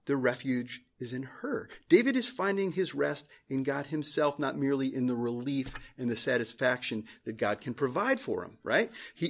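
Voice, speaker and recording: Earnest husky-voiced male pastor. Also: mid-range voice. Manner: earnest, repeats phrases for emphasis. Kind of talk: sermon. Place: church.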